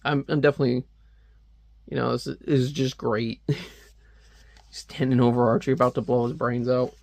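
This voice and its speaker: A man's voice: medium pitch, little pitch movement, normal speed, vocal fry, a little mellow, no echo, studio quality. A man chatting casually as a comic reviewer, rambling with lots of fillers and frequent laughs. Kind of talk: casual commentary.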